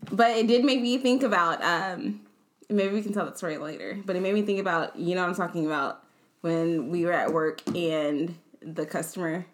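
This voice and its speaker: A woman's voice: on the low side, moderate pace. A young woman telling a personal story in a casual chat, rambling with lots of fillers and self-corrections.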